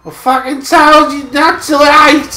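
Brief: crude ranting Australian bloke, put on by an Englishman, high and loud, roomy sound. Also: steady tone, a little slow, exaggerated voice. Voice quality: loud, high-pitched, over-the-top ranting. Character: crude shouting Australian man, mock impression. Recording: echoey room with loud game music.

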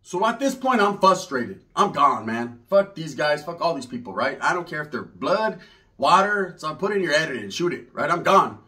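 A fairly high-voiced man working through a comedic story in a profane, slangy monologue. He talks in animated bursts and drops into low, muttered voices whenever he quotes other people. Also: normal speed.

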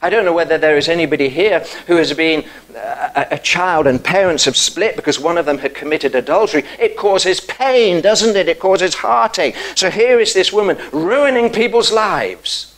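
A man preaching a church sermon, earnest, lifting his voice for emphasis and dropping soft and low for tender passages. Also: normal speed, hardly any pauses, poor audio. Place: church service.

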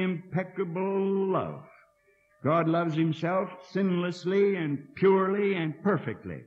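Older man preaching on dull old tape. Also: a little high. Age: 60s. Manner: folksy, earnest, with dry asides and repeated words. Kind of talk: sermon to a college audience. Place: college hall. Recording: dull lo-fi archive tape from 1960.

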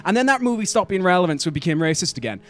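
Man, high voice, bouncy swooping delivery, rambling self-mocking gaming host. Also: very animated, racing, a bit bright. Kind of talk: casual gaming chat.

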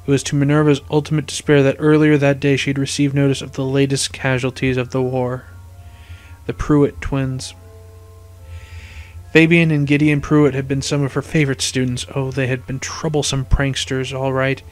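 A man reading a fan fiction story aloud in measured storytelling narration. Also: mid-range voice, flat delivery, faint music behind. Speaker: story reader.

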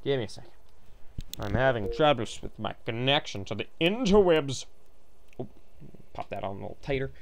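A streamer giving casual live commentary while playing, goofy and rambling, greeting viewers and breaking into sudden excited shouts. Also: medium pitch, moderate pace, creaky, pauses often, slight background noise. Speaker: game streamer.

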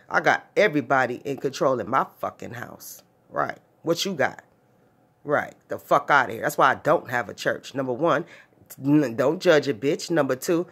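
A woman's voice: sits low, fairly bright tone, breathy edge. A woman who calls herself a pastor, preaching a combative, profane rant at other pastors and punctuating her points with "right?". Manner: combative, heavy cursing, rhetorical "right?". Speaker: self-described pastor.

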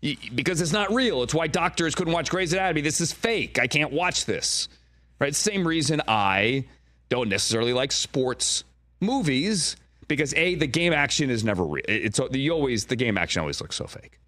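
A middle-aged man talking as a guest in a radio and TV studio. He rambles through stories, slips into quick mock voices, and keeps asking "right?" The sound is close and dry. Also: a little high, very animated, bright, forceful tone, no echo. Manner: rambling storyteller, mimics on-air voices, frequent "right?". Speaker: guest broadcaster. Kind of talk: animated casual studio chat. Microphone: studio mic with earpiece.

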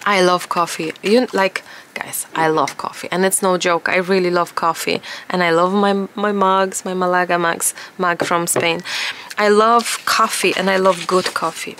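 A woman in her thirties chats casually as she works on a collage, musing aloud and enthusiastic. Her voice has a gravelly morning fry. The home studio recording carries clear background noise. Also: fairly low pitch, fairly even intonation, moderate pace. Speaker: collage artist and journal vlogger. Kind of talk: casual chat while crafting.

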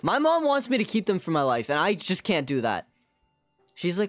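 A man's voice: sits high, huge pitch swings, moderate pace, dry recording, faint music behind. A man streaming a game and chatting casually with his viewers. He rambles a lot and fills his talk with "like". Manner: rambling, many "like" fillers, talks to chat. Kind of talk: casual live gaming chat.

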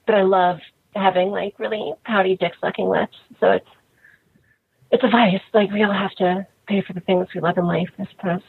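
A woman in her thirties speaks as an interview guest, frank and relaxed, with "like" dropped all through her talk. Her husky voice comes through thin and tinny, like a phone line. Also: medium pitch, moderate pace, dry recording. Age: 30s. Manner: frank, relaxed, many "like" fillers.

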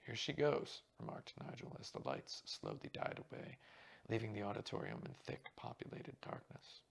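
A man quietly reading a mystery novel aloud as narrator. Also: fairly low pitch, sing-song, moderate pace, gravelly, breathy edge. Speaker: reader.

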